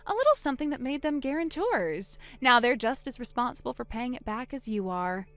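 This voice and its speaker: A woman voicing a calm, vengeful young woman who coldly springs a trap on her sister in a text-story drama. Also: high voice, fairly quick, full character voice. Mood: cold triumph. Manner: cool, quiet, coldly sarcastic.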